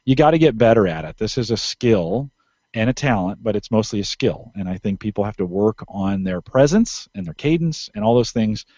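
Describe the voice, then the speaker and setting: A man's voice: lowish voice, animated, fairly quick, a little mellow, no echo, lo-fi sound. A man co-hosting a podcast, talking casually in a rambling, emphatic way and often restarting sentences. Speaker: podcast co-host.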